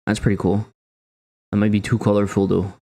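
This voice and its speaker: Excitable French game-dev streamer. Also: male voice, lowish voice, brisk. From France. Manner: excitable, swears often, self-mocking. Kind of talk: casual live-stream commentary while coding.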